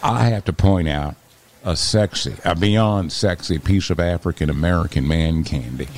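A man voicing a flamboyant male sideline reporter who gushes and swoons, with his voice swooping high when excited. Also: normal speed. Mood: gushing. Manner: gushing, breathy swoops into high squeals. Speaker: comedy bit performer.

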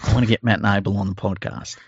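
A man's voice: fairly low pitch, fairly even intonation, fast, slightly rough, dry recording, lo-fi sound. An Australian man co-hosting a podcast, chatting casually with plenty of laughing, joking and swearing. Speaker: podcast co-host. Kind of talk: casual banter.

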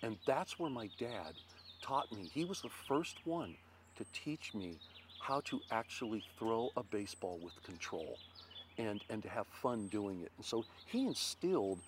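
Speaking in a lowish voice and a little slowly, an aging ex-ballplayer from Ohio spins tales during a relaxed interview. He's a lively storyteller who performs quotes loudly, and there's a bit of background noise.

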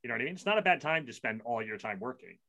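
A man's voice: mid-range voice, lively intonation, racing, vocal fry, pushed and bright, highs cut off. A middle-aged man chatting casually as a podcast co-host, rambling through a story with plenty of restarts and self-deprecating asides. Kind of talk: casual chat.

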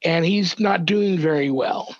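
An older man, a reverend, earnestly recounting a family story as a podcast guest, measured and thoughtful with small restarts. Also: a little high, dry recording. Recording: dull, dry lo-fi audio.

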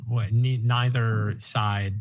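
A man's voice: medium pitch, level tone, slow, noisy background. A man hosting a casual podcast interview, speaking in a neutral, non-regional American accent. He talks loosely and digresses, then pulls himself back on track. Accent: none, neutral American. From Long Island, New York. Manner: rambling, self-deprecating, digresses. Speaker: podcast host.

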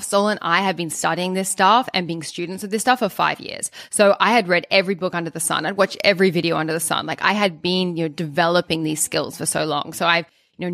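Woman podcaster, thirties, low-ish voice, dry close mic, animated telling. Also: no room sound. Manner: animated, fast, many restarts. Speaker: podcast co-host. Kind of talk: storytelling podcast chat.

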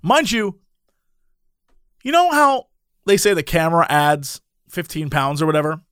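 A young man telling a casual anecdote, animated and laughing often as he talks. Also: fairly high pitch, measured pace, smooth, no echo, studio quality.

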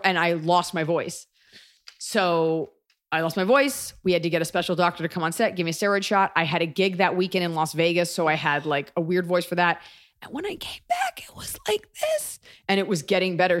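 A woman in her thirties hosting a podcast, chatting casually in a rambling, self-deprecating way. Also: lowish voice. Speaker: podcast host and comedian.

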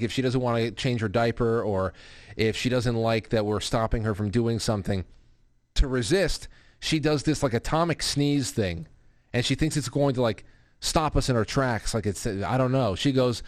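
A man in his thirties hosting a casual live show, reading viewer comments aloud in an animated way. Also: no echo. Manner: animated, puts on a high child's voice when quoting his daughter. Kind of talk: casual live-stream chat.

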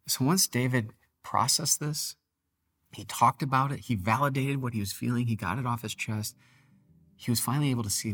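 A pastor with a mid-range, fairly bright voice preaches a devotional sermon on a podcast at a moderate pace. He talks earnestly and conversationally, sometimes reading passages with dramatic emphasis.

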